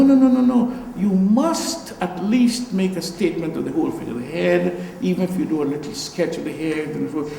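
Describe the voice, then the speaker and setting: An older man from Guyana, an artist giving a relaxed gallery talk, musing and repeating phrases with animated exclamations. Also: fairly high pitch, creaky, reverberant, big-room sound, slight background noise, poor audio. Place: gallery room.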